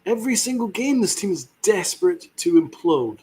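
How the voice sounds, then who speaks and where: A man's voice: sits high, very animated, moderate pace, dark tone, slightly rough. A man hosting a sports podcast, ranting with fiery sarcasm and heavy swearing. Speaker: podcast host.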